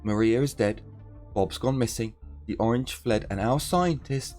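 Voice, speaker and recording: A man's voice: mid-range voice, unhurried, darkish tone, soft background music, natural voice. A man voicing a frightened, grieving woman survivor, talking anxiously and urgently. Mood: distraught.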